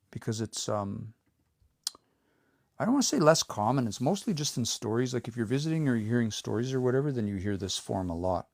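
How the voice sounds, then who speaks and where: A man giving a casual live-streamed language lesson, explaining step by step and repeating words slowly, with relaxed, informal phrasing. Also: medium pitch, no echo, studio quality. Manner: relaxed, informal, says y'all and eh. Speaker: language teacher.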